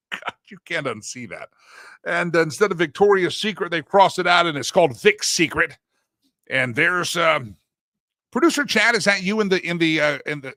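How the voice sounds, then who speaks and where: A middle-aged man hosting a casual political talk show, joking his way through memes and swinging between loud bits and hushed asides. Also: on the high side, no room sound. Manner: jokey, sings a silly jingle between segments.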